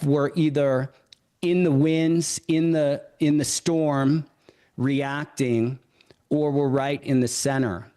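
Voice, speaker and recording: A man hosting a yoga podcast tells a story at a mid pitch, in a reflective way. He often restarts and reframes his thoughts as he goes. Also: warm tone. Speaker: yoga teacher and podcast host. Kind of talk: live podcast talk, personal storytelling.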